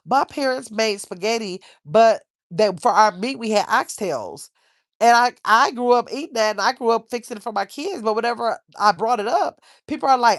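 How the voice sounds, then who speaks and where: Speaking a little fast in a slightly high, expressive voice, this woman chats and rambles through her livestream while reading out viewer comments. The sound is clean studio quality with no echo.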